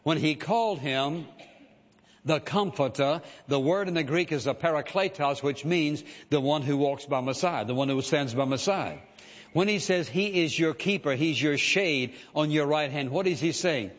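A man with a slightly high voice preaches a sermon, talking straight to his congregation and pausing on fillers. His voice carries a long reverb tail, and the recording sounds a little dull and lo-fi. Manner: preaching with frequent fillers and direct address to listeners. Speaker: pastor.

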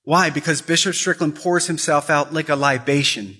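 A man's voice: on the high side, moderate pace, pushed and bright, breathy edge. A man giving an impassioned Catholic talk, repeating phrases and pressing urgent questions. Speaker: Catholic speaker.

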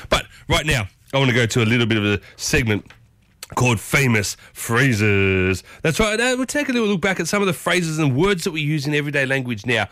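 A man with an Australian accent hosting a morning radio show, chatty and upbeat, often jumping up in pitch. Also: sing-song, fast, few pauses, fairly bright tone, no room sound. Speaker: radio host. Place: radio studio. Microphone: studio microphone.

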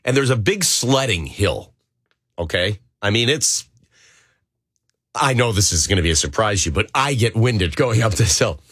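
A male co-host chats casually and throws in dry quips between stories. His voice is husky, with a lively, varied pitch. He is recorded close and dry, with faint music in the background. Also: moderate pace, no echo. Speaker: radio co-host. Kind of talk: casual banter.

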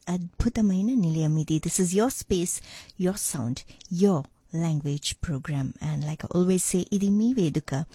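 A woman presents a language lesson on the radio, patient and explanatory, pausing with little fillers as she works through each word. Her voice is mellow and slightly husky, recorded close and dry in a studio. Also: fairly low pitch, no echo.

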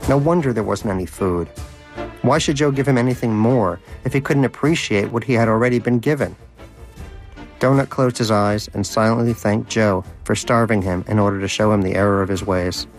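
A man reads a story aloud in a low voice with a wry, measured delivery. A faint musical bed plays quietly behind him. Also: faint music behind. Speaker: narrator. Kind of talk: storybook narration.

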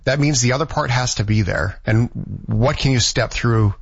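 A man hosting an interview, casual and animated in his talk, laughing easily. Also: medium pitch, moderate pace, gravelly, slightly rough, no echo. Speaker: interviewer host. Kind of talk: podcast interview. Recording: dry, dull lo-fi sound.

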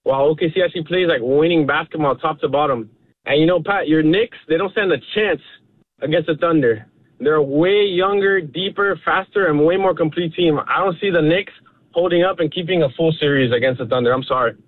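A man's voice: fairly high pitch, a little fast. A man calling in to a sports radio show, arguing his opinion confidently. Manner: argumentative, confident. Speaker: caller. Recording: tinny phone line.

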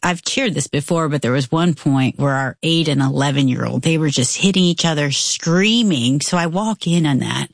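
A woman with a low, deep voice tells a story in a lively, conversational way. She sounds middle-aged and talks like a co-host. The recording is close and dry. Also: moderate pace, creaky, hardly any pauses, dry recording. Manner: warm storytelling, animated when quoting. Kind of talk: casual conversation.

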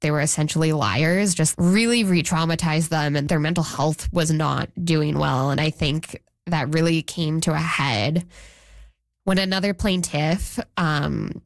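A woman's voice: sits low, measured pace, no room sound, studio quality. A woman journalist being interviewed, talking casually with frequent restarts and quoted speech. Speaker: journalist guest. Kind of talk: interview conversation.

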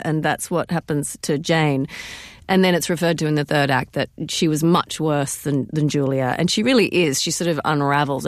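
Woman, stage actress, enthusiastic, laughs a lot, low pitch, dry close recording. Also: no echo. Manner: enthusiastic, laughs often, frequent restarts. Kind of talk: interview answers.

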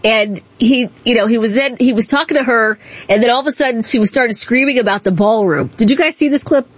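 A woman's voice: on the high side, brisk, dry recording. A woman hosting a political talk show, delivering a sarcastic, mocking commentary monologue and laughing at her own jokes.

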